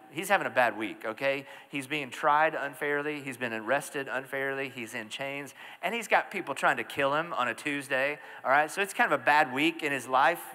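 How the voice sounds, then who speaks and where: A middle-aged male pastor preaching a sermon, telling stories with lively asides to the congregation. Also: medium pitch. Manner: animated storytelling with asides to the congregation. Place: large church hall. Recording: church hall reverb.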